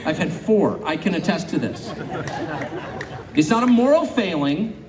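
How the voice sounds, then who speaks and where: A middle-aged man from California gives a public speech to an audience, animated and sarcastic, mocking imagined critics. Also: sits high, measured pace, crowd noise, background noise. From California, United States. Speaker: guest speaker. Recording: echoey hall, faint ambience.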